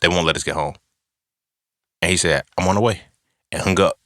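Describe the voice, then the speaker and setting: A man's voice: sits low, a little fast, dry recording, studio quality. A young man telling a personal story in a casual, profane monologue, acting out what people said. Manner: animated, profane storytelling with acted-out quotes. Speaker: podcast host.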